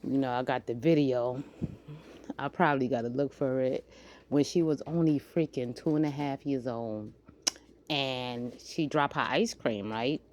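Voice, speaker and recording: A woman's voice: very deep voice, a little slow, a little hiss or hum. A woman in her forties vlogging in a casual monologue, rambling and jumping from topic to topic. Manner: rambling, jumps between topics; animated, slides into acted-out quotes.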